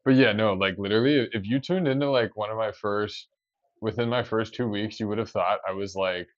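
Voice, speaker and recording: A man streaming and chatting loosely with his viewers, with easy laughs and casual swearing. His voice sits low. The sound is dry and a little dull. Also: a little fast, no room sound.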